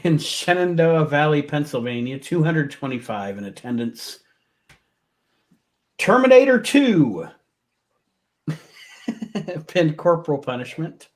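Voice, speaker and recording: A man co-hosting a casual chat, reading out old match results in an unhurried way and chuckling often. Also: a little high, darkish tone. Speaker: podcast co-host.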